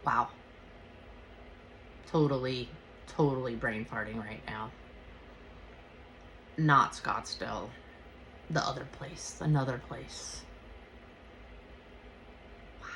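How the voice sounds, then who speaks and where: Podcast host, woman with a low, bright voice, animated and profane, casual storytelling. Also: slow, pauses often, a little hiss or hum. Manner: animated and profane, swears freely.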